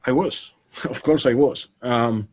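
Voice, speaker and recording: A man's voice: mid-range voice, slow. A middle-aged man from Galicia with a Spanish accent, chatting easily as an interview guest and laughing often. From Galicia, Spain. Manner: relaxed and chatty, laughs often, non-native phrasing. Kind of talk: casual interview.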